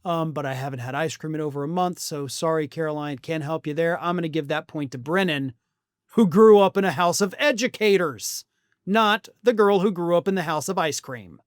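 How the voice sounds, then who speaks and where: A man's voice: on the high side, brisk, no room sound, studio quality. A middle-aged man hosting a political commentary show, talking bluntly and sarcastically, with the odd swear word. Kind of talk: opinion commentary monologue.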